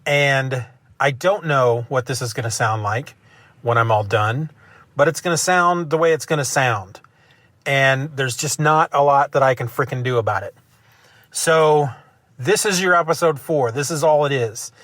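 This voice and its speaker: A man's voice: mid-range voice, normal speed, fairly bright tone, no room sound. A man hosting his own solo podcast, talking into a phone in a loose, rambling way with self-mocking rants. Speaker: podcast host. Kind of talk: casual solo podcast monologue. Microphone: phone used as mic.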